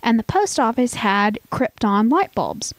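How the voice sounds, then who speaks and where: A woman's voice: a little high, very animated, a little slow, no room sound. A woman in her thirties with a Southern US accent, co-hosting a podcast in casual, rambling chat and laughing easily. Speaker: podcast co-host.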